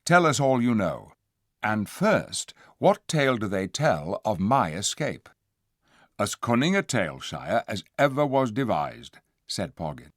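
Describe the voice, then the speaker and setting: A man's voice: measured pace, no echo, studio quality. A man reading a fantasy audiobook aloud, shifting his delivery for each character. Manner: lively, shifts pitch and loudness for each character. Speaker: audiobook narrator.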